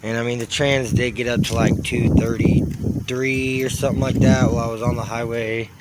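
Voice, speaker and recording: A man's voice: mid-range voice, normal speed, heavy background noise. Rambling, laid-back young man. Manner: relaxed, loose, many "like" and "uh" fillers and restarts. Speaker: car build vlogger. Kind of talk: casual rambling talk to camera.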